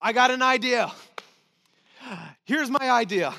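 A man's voice: measured pace, sharp tone, heavily acted. A man doing a sneering, scheming court official. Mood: scornful, eager. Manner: pushy, sneering sales pitch. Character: scheming, scornful male royal official.

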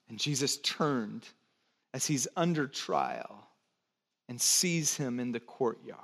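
A male pastor preaching a sermon in a church, slow and emphatic with dramatic pauses. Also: medium pitch, lively intonation, gravelly, a bit bright. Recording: long church hall reverb.

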